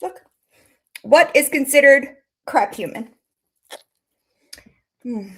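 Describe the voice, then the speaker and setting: Woman host, high and very animated pitch, unhurried delivery, sarcastic taunting commentary, reads a list aloud. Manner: sarcastic and taunting, talks straight to the person. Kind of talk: mocking reaction commentary.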